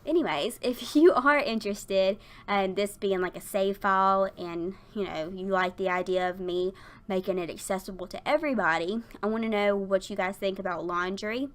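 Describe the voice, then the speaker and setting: A woman's voice: mid-range voice, moderate pace. Young woman rambling over her sims build, giggly and kinda out of breath, lots of likes and ums. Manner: chatty, giggly, rambling with many fillers. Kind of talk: casual voiceover chat. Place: at her desk at work.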